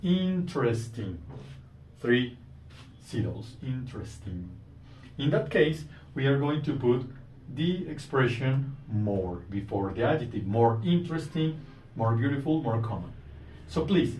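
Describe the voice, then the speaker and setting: A man teaches a grammar lesson in a deliberate, step-by-step way, circling back to simple examples. His voice sits at an average pitch and sounds a little distant from the microphone. The room around him echoes, with a faint hiss of background noise. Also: animated, darkish tone. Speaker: English teacher.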